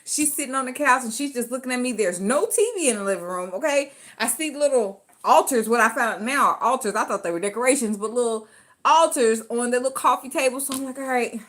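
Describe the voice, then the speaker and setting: A woman's voice: on the high side, quick pace. A woman, telling a story casually and dramatically. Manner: animated, dramatic, acts out voices in her story. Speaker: storyteller vlogger.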